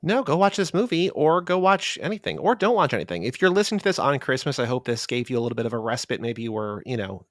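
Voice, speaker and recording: A man's voice: mid-range voice, sing-song, fast, few pauses, dry recording, studio quality. A man co-hosting a podcast, chatting casually in a teasing, wry way. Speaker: podcast co-host. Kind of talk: casual chat.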